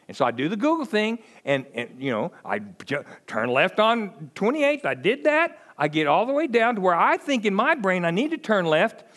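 A middle-aged man preaching a conversational sermon, telling stories with lots of acted-out voices and chuckles. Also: high-pitched. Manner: animated storytelling, acts out quoted voices, chuckles often.

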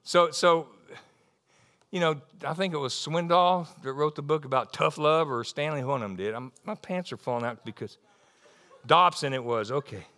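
A middle-aged man, preaching a sermon in a folksy, animated storytelling way that climbs into excited bursts. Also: a little high, moderate pace.

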